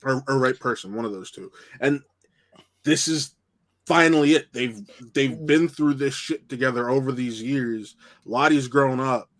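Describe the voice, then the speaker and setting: A man speaks as a film critic in a relaxed podcast chat. He works his thoughts out aloud as he talks. His pitch is an ordinary middle one. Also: a little slow. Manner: conversational, thinks aloud. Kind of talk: casual review chat.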